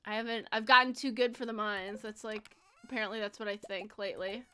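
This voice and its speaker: A woman's voice: medium pitch, fairly even intonation, a little fast, pushed and bright, slight background noise. A woman in her twenties chatting casually on a gaming livestream, bubbly and giggly, rambling with lots of fillers. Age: 20s. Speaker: streamer.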